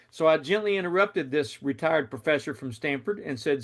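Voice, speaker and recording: Guy telling his faith story, kinda high voice, earnest and chatty. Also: fairly quick, hardly any pauses. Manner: earnest, conversational, dramatic retelling. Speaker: storyteller and show host.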